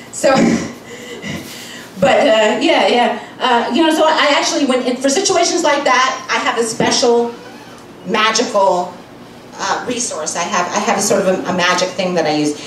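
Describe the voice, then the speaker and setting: A woman performing stand-up, her high voice jumping all over the place as she rambles through her set with lots of fillers. She is picked up from a distance in a very echoey room, with faint noise behind her. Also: lively intonation, a little slow, long pauses. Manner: chatty, rambling with many fillers. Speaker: stand-up comic. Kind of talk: stand-up comedy. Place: cafe stage, live comedy set. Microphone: far camera.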